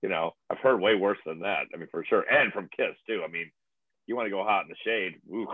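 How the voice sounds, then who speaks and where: A very deep-voiced man in his late forties who rambles in loose, excitable casual chat and swears freely. He comes through a thin, phone-like line, dry and close, with no room sound. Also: a little fast, slightly rough, dry recording. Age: late 40s.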